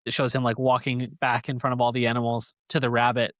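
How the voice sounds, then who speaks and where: Man, podcast host, casual rambling storytelling, jokey, mid-pitched voice, dry close sound. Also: monotone, fast talker, dry recording. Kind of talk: casual chat.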